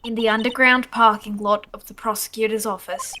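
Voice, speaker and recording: A woman voicing a calm, resigned female defendant who speaks quietly and composed, in a group game read-through. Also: on the high side, fairly quick, slight background noise.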